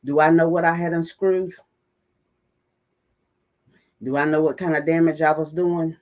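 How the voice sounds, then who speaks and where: A woman who hosts a mental health talk channel shares her own story with her online audience, repeating key phrases to give them weight. Her voice is low, brisk, a little mellow and fairly even in intonation. The audio is dull.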